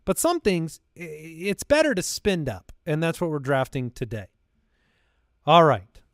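A male podcast host riffing in casual comedic banter, laughing easily. His voice sits high and swings all over the place. It is recorded close on a dry mic with no room sound. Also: expressive, no room sound. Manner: loose, joking, quick to laugh.

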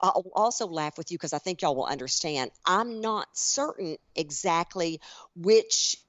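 A woman's voice: fairly low pitch, a little slow, fairly bright tone, no room sound. A woman, a podcast guest telling stories in casual chat, often restarting and repeating words. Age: 60s. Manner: chatty storyteller, frequent restarts and repeats. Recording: dry, slightly muffled podcast audio.

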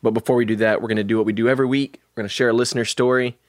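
A man's voice: medium pitch, fairly even intonation, racing, dry recording, clean studio sound. A man co-hosting a podcast in an upbeat, easygoing way. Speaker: podcast co-host. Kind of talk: casual podcast chat.

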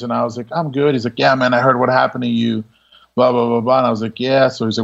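A military veteran with a gravelly, creaky voice tells stories in a loose, conversational way. He laughs easily and acts out other people's lines as he goes. The recording sounds dull and lo-fi. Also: medium pitch, steady tone, a little fast. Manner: laid-back, laughing, full of quoted dialogue. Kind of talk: casual storytelling interview.

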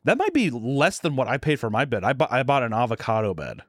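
A man co-hosting a podcast, telling animated, profane stories in casual banter and laughing often. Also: medium pitch, quick pace, dry recording, studio quality. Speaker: podcast co-host.

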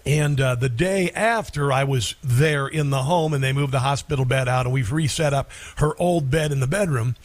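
A middle-aged man hosting talk radio, telling a personal story in a halting way with many fillers and restarts. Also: mid-range voice, dry recording. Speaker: radio talk show host.

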